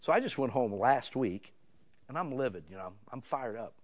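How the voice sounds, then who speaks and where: A middle-aged man from the United States, a pastor telling a personal story in a sermon, talking conversationally and shifting from quiet asides to loud, heated stretches. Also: mid-range voice, lively intonation, normal speed.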